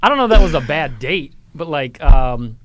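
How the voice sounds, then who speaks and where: A man's voice: on the high side, very animated, normal speed, a bit bright, a little hiss or hum. A man in his forties co-hosting a podcast, telling stories in a loose, rambling way full of fillers. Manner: rambling, filler-heavy storyteller. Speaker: podcast co-host. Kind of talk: casual chat.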